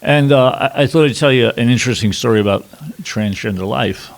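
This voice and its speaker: A middle-aged man from New York City, a war correspondent telling a personal story at a workshop, halting with many fillers. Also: medium pitch, gravelly. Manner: halting, with frequent fillers and restarts.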